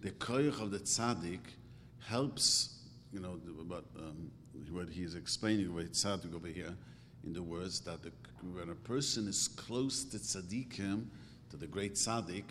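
A middle-aged man giving a religious class, talking in a conversational way and acting out quoted thoughts. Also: fairly bright tone. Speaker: religious teacher. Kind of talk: Torah class lecture. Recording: reverberant hall with faint rumble.

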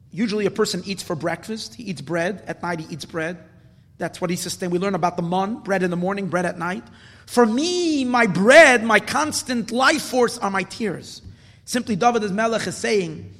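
A high-pitched man gives a Hasidic Torah lecture, pronouncing his with an inflection. He swings from hushed, low reflection to loud, insistent preaching and doubles his words for emphasis. His voice carries a long reverb, as if in a large hall. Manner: builds from low, quiet musing to loud, emphatic exhortation; repeats words for stress. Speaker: rabbi teaching Torah.

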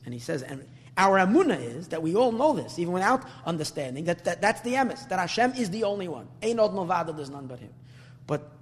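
Man, rabbi teaching, slightly high voice, earnest, repeats words, long reverb, faint hum behind. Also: breathy edge. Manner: earnest, repeats words while searching, mixes Hebrew terms. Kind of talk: Torah class sermon.

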